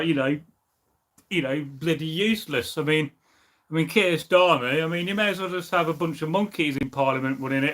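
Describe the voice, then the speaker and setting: A man's voice: a little high, bright, forceful tone. A man hosting a live stream and reading the chat aloud, talking in a rambling, opinionated way with plenty of fillers.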